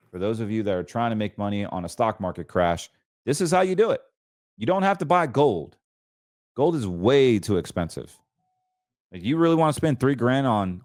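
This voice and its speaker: A low-pitched man hosts a financial show in a loose, chatty monologue. He gets excited, trips over his words and restarts, and sounds close and dry with no room around him. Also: dry recording. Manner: chatty, stumbles and restarts, excitable about trades. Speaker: host.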